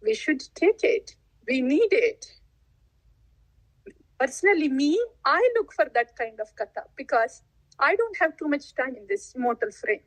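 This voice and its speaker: Woman spiritual teacher, high voice, unhurried devotional talk with frequent laughs. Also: animated, no room sound, poor audio. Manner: laughs often, acts out listeners' replies; unhurried, asks rhetorical questions.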